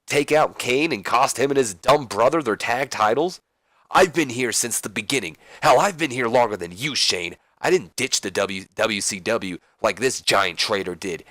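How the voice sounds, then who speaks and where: A man's voice: sits low, measured pace, few pauses, pushed and bright, dry recording. A man voicing an angry veteran male wrestler in a let's play, ranting in a raised, indignant voice. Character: angry veteran male wrestler demanding his title shot.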